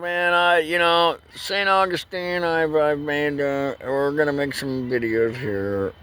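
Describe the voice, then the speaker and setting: A man, rambling through a profane, loose vlog monologue that swings between loud bursts and low mutters. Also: fairly even intonation, takes it slowly, few pauses, clean tone. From United States. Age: 60s. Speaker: vlogger.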